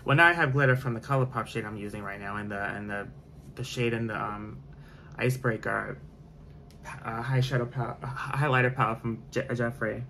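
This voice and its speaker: A man doing his makeup for the camera and chatting the whole time, opinionated and easily sidetracked. His voice sits at a middling pitch, and faint noise hums in the background. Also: steady tone, a little fast, gravelly, sharp tone. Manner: chatty, opinionated, goes off on tangents. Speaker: beauty vlogger. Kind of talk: casual chat during a makeup tutorial.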